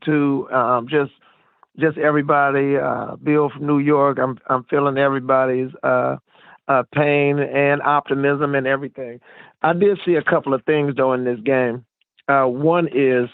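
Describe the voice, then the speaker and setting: A man from Fresno calling into a sports talk show, talking in a friendly, halting, rambling way. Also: mid-range voice, no room sound. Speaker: caller. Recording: phone line.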